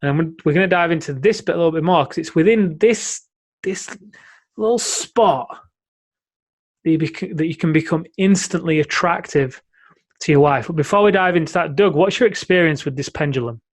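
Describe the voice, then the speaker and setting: Higher-voiced man, coaching talk. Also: normal speed. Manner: explanatory, coaching talk with frequent "right?". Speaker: podcast co-host, men's coach. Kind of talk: casual podcast conversation.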